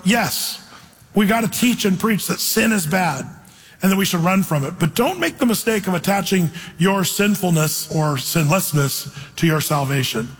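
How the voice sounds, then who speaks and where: Guy preaching in church, high husky voice, casual and earnest, lots of echo and a bit of music behind. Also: animated, moderate pace. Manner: earnest, informal, quotes scripture and acts out voices. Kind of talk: conversational sermon.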